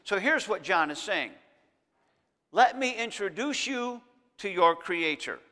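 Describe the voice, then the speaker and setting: A man preaching a sermon as pastor, emphatic, slowing down to stress scripture verses. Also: high-pitched, lively intonation, sharp tone. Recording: long hall reverb.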